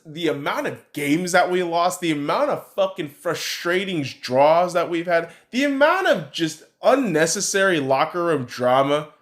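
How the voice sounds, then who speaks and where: A man's voice: a little high, fairly bright tone. A man hosting a podcast, giving a casual sports opinion rant in a blunt, profane and rambling way. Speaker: podcast host.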